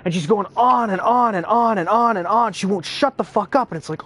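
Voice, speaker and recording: Brief: high-voiced young guy, profane, animated storyteller, casual gaming chat. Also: brisk. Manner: animated, profane, acts out quotes. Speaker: youth care worker.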